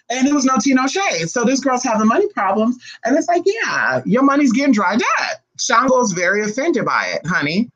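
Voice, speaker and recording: A spiritual reader chatting live with viewers in a sassy, fast way, calling them honey, with big swings in pitch. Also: sing-song, fairly bright tone, highs cut off. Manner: talks fast. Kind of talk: live-stream chat with viewers.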